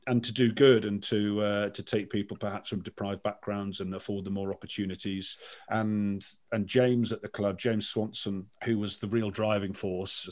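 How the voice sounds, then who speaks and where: A man talking as a podcast guest, animated and emphatic, restarting his sentences often. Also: fairly low pitch. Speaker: guest broadcaster. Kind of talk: casual podcast conversation.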